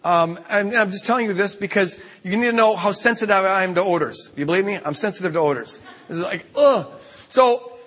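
Long hall reverb surrounds this recording of a man at a retreat telling a funny story with many stammered restarts. He speaks briskly in a high, slightly bright voice.

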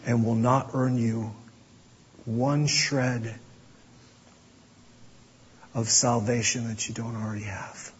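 A man preaching a sermon as pastor, earnest, dropping to a hush to press his points. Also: medium pitch, flat delivery, slow pace, long pauses, husky. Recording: dull audio with long hall reverb.

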